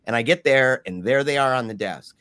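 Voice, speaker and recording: A man in the guest seat tells his own story in loose, informal talk, dropping "bro" and "man" as he goes. His voice sits in a middle pitch and stays earnest and emphatic. The sound is close and dry, with no room around it. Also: fairly quick, a bit bright, dry recording. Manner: earnest, emphatic retelling of a personal ordeal. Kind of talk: casual first-person storytelling in an interview.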